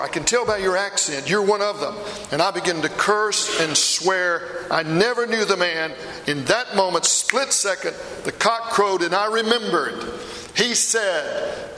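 A man's voice: high voice, pushed and bright, slight background noise. A man performing a first-person dramatic monologue as a remorseful apostle, a middle-aged fisherman telling his story with intense feeling. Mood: anguished. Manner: intense storytelling, swells to anguished outbursts. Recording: echoey hall, long reverb.

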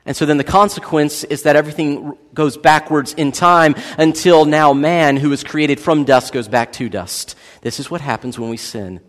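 A man in his thirties preaching a sermon as a pastor, animated and joking as he tells a family story. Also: fairly high pitch, normal speed, hardly any pauses. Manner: animated, joking, acts out voices in anecdotes. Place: church hall. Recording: long hall reverb.

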